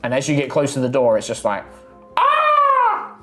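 A man's voice: medium pitch, quick pace, a little mellow, soft background music. A man narrating as game master of a tabletop game, describing scenes loosely with lots of fillers.

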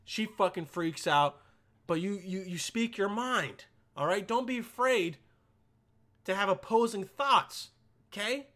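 A young man hosts a podcast alone, rambling and cursing through jokey advice. His voice sits high and sounds bright and sharp. He drops into mumbles, then bursts out loud. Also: a little slow. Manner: swings between mumbling and shouting. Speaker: podcast host. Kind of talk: casual rambling monologue.

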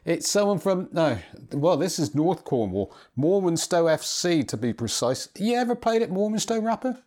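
Mellow-voiced man hosting a podcast. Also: on the high side, big pitch swings, normal speed. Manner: dry, gently teasing. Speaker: podcast host. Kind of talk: casual football podcast hosting.

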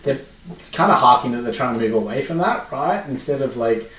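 A man's voice: mid-range voice, expressive, brisk, fairly bright tone. An Australian man telling a casual story, his talk loose and full of "like". He sits back from the mic, so his voice comes through distant in a reverberant room. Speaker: podcast co-host. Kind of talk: casual chat.

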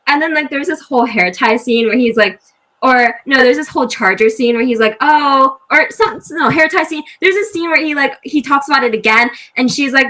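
A woman in a casual book discussion, animated and incredulous, acting out scenes as she talks. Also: high-pitched, a little fast. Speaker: book club member.

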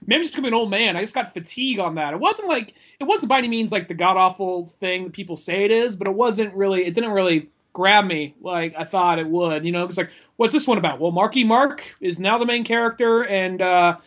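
A man's voice: sits high, brisk, few pauses, fairly bright tone, dull audio. A man co-hosting a podcast, chatting casually about movies with dry, wry humor. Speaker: podcast co-host. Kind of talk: casual chat.

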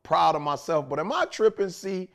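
A man co-hosting a podcast, telling animated stories in casual slang. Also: high-pitched, normal speed, vocal fry. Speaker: podcast co-host. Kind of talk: casual chat.

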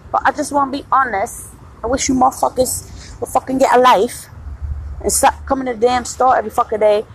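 A woman's voice: medium pitch, slight background noise, rough recording. A tired woman in pain, venting bluntly and profanely about customers at her retail job in a casual podcast monologue.

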